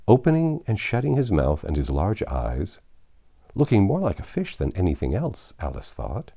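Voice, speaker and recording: A man narrating a classic novel with an expressive, theatrical reading. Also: sits low, vocal fry.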